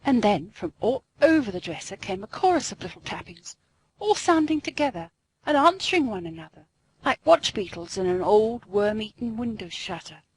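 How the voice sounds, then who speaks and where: A woman narrating a classic storybook aloud in an expressive, sing-song way. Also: medium pitch, moderate pace, rough recording.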